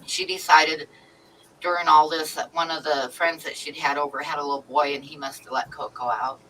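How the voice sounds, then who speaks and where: Middle-aged lady on a livestream, chatty and lively, a bit far from the mic. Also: low-pitched, moderate pace. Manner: animated storyteller, laughs often. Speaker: livestream host. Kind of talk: casual storytelling chat. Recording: slightly distant mic with faint noise.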